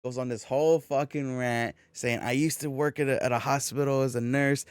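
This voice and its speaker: A young Californian man co-hosting a podcast tells a rambling, casual story loaded with swearing and quoted back-and-forth. His middle-pitched voice is smooth and a little fast, with fairly even intonation. The sound is very dry and close, with no echo or room around it.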